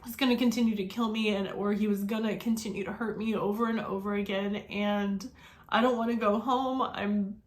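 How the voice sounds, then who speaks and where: A woman in her forties speaks in an earnest, reflective way as she tells her own story. Her voice sits at a middle pitch, and she talks with loose fillers and restarts. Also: steady tone, normal speed. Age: 40s. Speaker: vlogger sharing her life story. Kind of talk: personal storytelling to camera.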